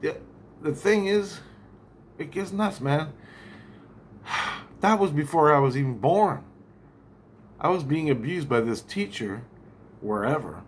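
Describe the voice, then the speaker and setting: A man's voice: a little high, animated, a little slow, long pauses, slight background noise. Rambling, profane man venting to camera. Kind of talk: casual vlog monologue.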